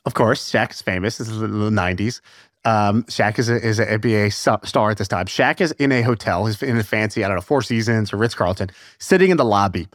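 A man hosting a podcast, telling stories in a lively, swearing, casual way with lots of fillers. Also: fairly low pitch, a little fast, no echo, studio quality. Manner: animated, profane storyteller with many fillers. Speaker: podcast host. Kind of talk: casual storytelling chat.

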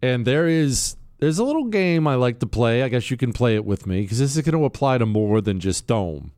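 Male host, sarcastic and animated, lively pitch, dry studio voice. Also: brisk, no echo. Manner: sarcastic, animated, addresses producer on air. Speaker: talk show host. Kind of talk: opinionated radio-style commentary.

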